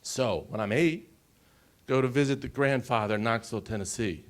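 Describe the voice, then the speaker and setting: A man in his forties from the United States, giving an emotional personal story on a conference panel and often pausing to check in with the audience. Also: medium pitch. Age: 40s. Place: conference stage.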